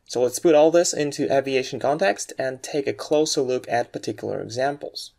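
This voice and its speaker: A man giving a scripted aviation English lesson, explaining word stress in a clear, measured way and reading example sentences. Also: mid-range voice, a little mellow, soft background music.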